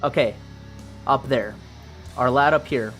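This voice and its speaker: A man's voice: medium pitch, measured pace, a bit bright, faint music behind. A man casually narrating a solo tabletop game, thinking aloud through dice rolls with plenty of ums.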